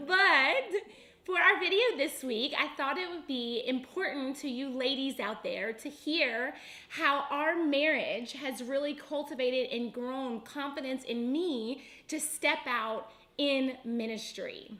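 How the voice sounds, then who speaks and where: A woman's voice: sits high, slow pace, bright, forceful tone. A young woman co-hosting a ministry video with her husband, chatting casually to camera and laughing often. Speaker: ministry vlogger, co-host with husband.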